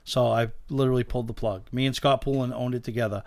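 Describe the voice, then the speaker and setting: A man, a guest telling lively stories about owning race cars in a casual chat, acting out the voices of the people in them. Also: mid-range voice, quick pace, gravelly, dry recording. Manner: animated anecdote teller, acts out quoted dialogue. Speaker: guest, race car owner. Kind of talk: casual storytelling in a podcast chat.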